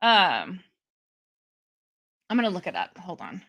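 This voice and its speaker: A woman's voice: fairly low pitch, unhurried, creaky. A young woman from Ohio giving chatty, laughing live commentary on a hearing. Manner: chatty, laughing, animated asides. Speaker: political commentary streamer.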